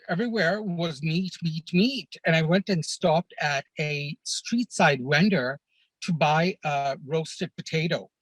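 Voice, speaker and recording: A man, a guest on a podcast, telling a travel story in a slow, deliberate way with pauses. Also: fairly high pitch, dry recording, poor audio. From Canada. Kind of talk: storytelling in a casual interview.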